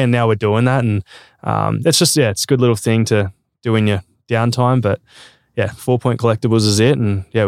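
A young man, a guest on a podcast, chatting in a relaxed, rambling way with lots of fillers. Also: on the low side, clean tone, no room sound, clean studio sound. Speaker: guest athlete. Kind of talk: casual chat.

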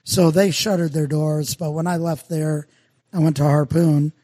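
Rambling Minnesotan brewer, slightly high voice. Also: male voice, fairly even intonation, unhurried, warm tone, no echo, clean studio sound. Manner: rambling, self-deprecating storyteller with many fillers. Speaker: brewer and podcast guest. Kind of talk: casual podcast chat.

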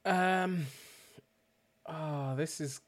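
A man's voice: a little high, drawn-out words. A man playing a tabletop game, bantering loosely with a lot of swearing. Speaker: player. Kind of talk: casual tabletop game chat.

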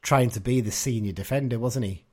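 A man's voice: medium pitch, a little fast, mellow. A man co-hosting a casual football podcast, chatty and opinionated, often tagging his points with questions. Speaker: podcast co-host.

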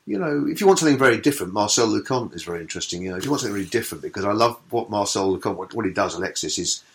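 A man's voice: fairly low pitch, expressive, very fast, creaky, a bit bright. A man who promotes comedy, talking in a casual interview in an enthusiastic, rambling, hesitant way.

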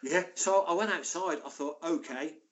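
An older man, a former footballer and physio, telling lively stories as a podcast guest and acting out the people in them. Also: fairly high pitch, moderate pace. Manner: lively, acts out the voices in his stories; chatty, frequent asides like "mate" and "and that". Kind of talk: anecdotal storytelling.

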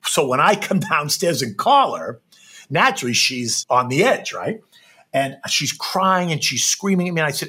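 A man's voice: fairly high pitch, sing-song, moderate pace, sharp tone, slightly rough. A man recounting a personal experience in an emphatic, repetitive way, often tagging his sentences with "right?". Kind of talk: personal storytelling.

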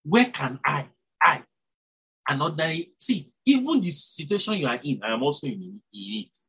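A man's voice: fairly high pitch, moderate pace, breathy edge, low-quality recording. A man preaching a sermon, rising and dropping his voice for emphasis and correcting himself as he goes. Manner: animated, rises and drops for emphasis, self-corrects, chuckles.

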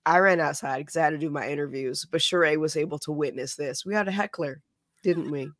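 A woman with a low voice co-hosts a relaxed podcast chat. She is wry and blunt, and she sounds close and dry with no room echo. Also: a little fast. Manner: wry, laid-back and blunt. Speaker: podcast co-host. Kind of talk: casual chat.

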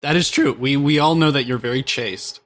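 Wry male podcast co-host with a bright, forward tone. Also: mid-range voice, fairly quick. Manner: wry, laughing asides. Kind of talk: comedic podcast banter.

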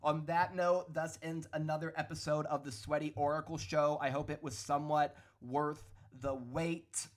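A man hosting a solo podcast, ranting in an animated, opinionated way with a hoarse, worn-out voice. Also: fairly high pitch, moderate pace, few pauses. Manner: animated, opinionated, hedging with "allegedly". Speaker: podcast host. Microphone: studio podcast microphone.

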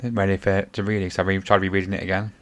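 A man's voice: sits low, flat delivery, rapid-fire, a bit bright. A middle-aged father, hosting a casual family podcast and telling stories in a rambling, self-correcting way.

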